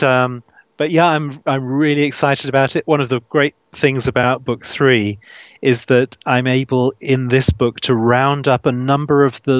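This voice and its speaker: Here the same author guest, a man with a mid-range voice, gives reflective, exploratory answers in a relaxed interview, frequently starting sentences over and chuckling quietly. The sound is flat and low-fidelity, entirely without echo.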